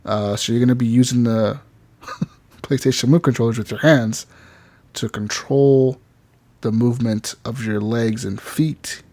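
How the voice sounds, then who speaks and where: A man's voice: mid-range voice, fairly even intonation, a little slow, darkish tone. A man hosting a gaming podcast, chatting casually, rambling with frequent laughs and swearing. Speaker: podcast host.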